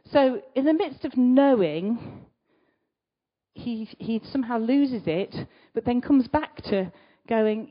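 A woman giving a conversational sermon, asking the congregation rhetorical questions and moving between loud emphasis and quiet asides. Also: a little high, animated, takes it slowly. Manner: chatty, asks the listeners rhetorical questions. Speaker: preacher. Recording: slightly dull recording.

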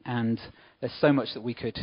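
A man's voice: medium pitch, steady tone, moderate pace, breathy edge, highs cut off. A man giving an informal church talk, chatting with asides to the congregation. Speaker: church speaker.

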